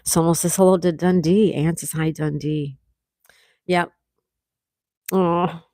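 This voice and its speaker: A middle-aged woman hosting a casual livestream, reading viewers' comments aloud and chatting back warmly. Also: lowish voice, steady tone, slow, no room sound, clean studio sound. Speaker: livestream host reading chat. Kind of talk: casual live chat.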